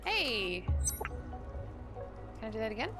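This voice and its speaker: Woman, young, live game stream, chatty, animated pitch, unhurried, game music behind. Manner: chatty, reacts aloud and greets chat. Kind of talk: live gameplay commentary.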